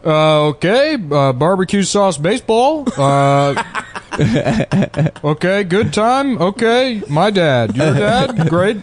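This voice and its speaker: A man doing a halting fake-English statesman. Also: high voice, sing-song, a little hiss or hum, voice pushed up, exaggerated voice. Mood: goofy. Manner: halting gibberish with long filler pauses. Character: man imitating a famous politician in fake English.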